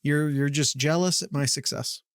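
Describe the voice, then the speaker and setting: A man's voice: fairly high pitch, steady tone, normal speed, clean tone, no room sound, studio quality. A man co-hosting a casual sports podcast, joking and teasing his partner while citing betting statistics. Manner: joking, teasing, stat-heavy. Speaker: podcast co-host. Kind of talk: casual sports picks chat.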